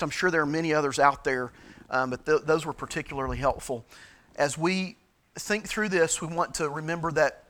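A middle-aged man as a pastor, giving a sermon-style teaching talk, halting with frequent fillers and restarts. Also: fairly high pitch, pushed and bright.

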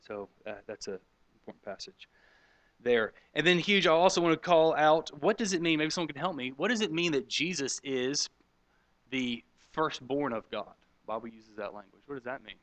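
A man's voice: a little high, lively intonation, normal speed, fairly bright tone, no echo, low-quality recording. A middle-aged man preaching, teaching conversationally and asking the room questions and responding to their answers. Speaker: pastor teaching a class. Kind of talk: interactive sermon with audience questions.

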